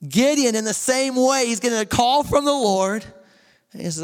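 A young man preaches in a church, and his high voice carries a long hall reverb. He retells the stories loosely and with energy, dropping slang like an old friend. It is a casual, lively sermon from the pastor himself. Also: quick pace. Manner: casual, animated storytelling with slang.

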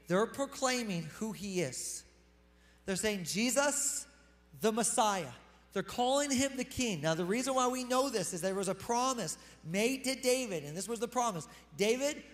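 A man preaching a sermon as pastor, animated, swinging between loud emphatic lines and quick hushed asides. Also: sits high, in a large hall.

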